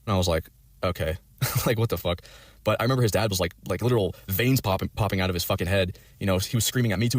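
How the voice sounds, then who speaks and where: A man's voice: low-pitched, quick pace, no room sound. A young man telling a long personal story, rambling and swearing, full of fillers. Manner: profane, rambling, many fillers.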